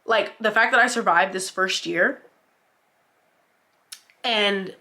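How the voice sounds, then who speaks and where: Taking her time, this young woman speaks at medium pitch with a sharp tone. She's a vlogger in a laid-back sit-down chat, heartfelt and encouraging toward other mothers, whom she calls "mama," using lots of "like" and nearly crying.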